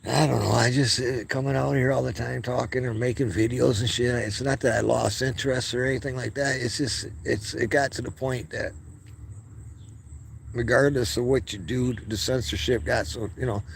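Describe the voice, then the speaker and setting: A man with a gravelly voice rants to his channel's viewers in a loose, casual monologue. He speaks heatedly and swears freely, often repeating words as he restarts a thought. His voice sits in a middling pitch, with a faint hiss of noise behind it. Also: fairly even intonation, moderate pace. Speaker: video channel host.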